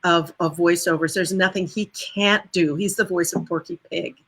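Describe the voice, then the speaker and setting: A woman vocal coach chatting over a video call. Her voice is bright and forceful, with an enthusiastic, animated delivery that keeps slipping into playful voices. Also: on the low side, normal speed, breathy edge, rough recording. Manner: enthusiastic, animated storyteller who slips into voices. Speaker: singer and vocal coach, guest. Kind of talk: casual interview chat.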